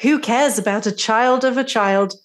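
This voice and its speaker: A woman's voice: a little high, moderate pace. A woman co-hosting a podcast in casual chat, laughing often as she talks. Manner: giggly, laughs often between lines. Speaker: podcast co-host.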